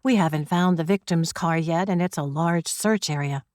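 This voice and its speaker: A woman's voice: lowish voice, moderate pace, darkish tone, no echo, clean studio sound, lightly acted. A woman voicing a sarcastic male police constable who needles his colleague, in an audiobook reading. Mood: matter-of-fact.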